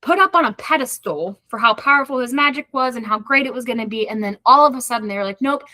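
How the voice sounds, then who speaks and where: Podcast co-host, woman, bright and lively, recaps the plot with acted-out quotes; close, dry mic. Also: a little high, quick pace, no echo. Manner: animated retelling, acting out characters' lines. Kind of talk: casual book club chat.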